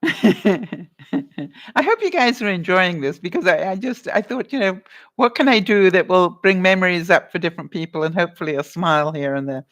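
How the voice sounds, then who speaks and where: A woman's voice: fairly low pitch, animated, moderate pace, a bit bright. A woman vlogger chatting casually on a live stream, giggling often as she reads out viewer comments. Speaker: vlogger running a movie quiz.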